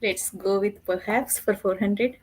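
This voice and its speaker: A woman's voice: medium pitch, unhurried, darkish tone, slightly rough. A woman playing as a quiz contestant, giving short, casual answers.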